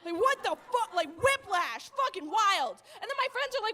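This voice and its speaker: A woman doing stand-up on a comedy club stage into a handheld mic. Her voice sits very high and rings bright, and it swoops up and down a lot. She is brash and profane, and she laughs at her own jokes. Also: big pitch swings, moderate pace.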